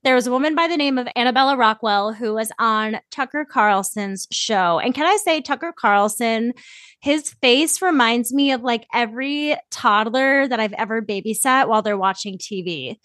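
A woman hosting a podcast in casual chat, chatty and animated, laughing often and swearing casually. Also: on the high side, moderate pace, dry recording. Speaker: podcast host.

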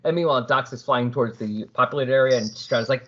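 A man's voice: medium pitch, fast talker, lo-fi sound. A man casually recapping a story for a podcast, acting out the characters' dialogue as he goes. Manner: animated, jokey, acts out the dialogue.

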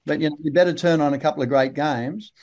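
A man's voice: fairly high pitch, fairly even intonation, fast, a little mellow. Laid-back older Australian man. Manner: laid-back, dry humour, rambling anecdotes. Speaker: guest. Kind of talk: casual interview storytelling.

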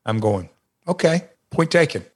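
A man co-hosting a podcast, telling old stories in a rambling, halting way with many fillers and restarts. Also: on the high side, big pitch swings, darkish tone, husky. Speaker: podcast co-host, former wrestler. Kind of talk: casual storytelling chat.

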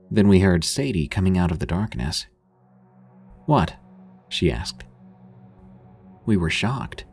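A man with a very low, husky voice reads a campfire horror tale in a steady scripted way. Faint music hums underneath him. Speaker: story narrator. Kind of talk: scripted horror story narration.

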